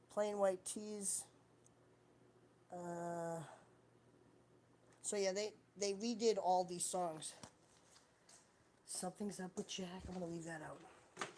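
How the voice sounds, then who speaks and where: A woman talks loosely on a home live stream, drifting from one thought to the next as she hunts around her room. Her voice sits at a middle pitch and comes through a phone mic with a faint hiss behind it. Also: darkish tone. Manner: chatty, wandering, searches while talking. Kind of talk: rambling casual live stream chat. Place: at home, indoors.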